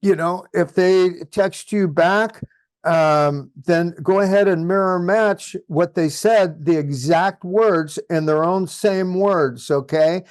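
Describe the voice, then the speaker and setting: A man's voice: high-pitched, takes it slowly, smooth, dry recording. A man coaching real estate agents in an online training session, reading sample texts aloud with the punctuation spoken.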